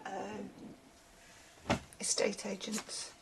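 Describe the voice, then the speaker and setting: A woman giving a casual, rambling tarot reading, chatting with animated asides. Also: medium pitch, extremely slow, creaky, noisy background. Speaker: tarot reader.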